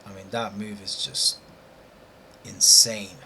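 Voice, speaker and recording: A young British man talks a little slowly in a mid-range, slightly bright voice. As a trading streamer, he comments on his live trades, peppering them with slangy asides of frustration aimed at himself.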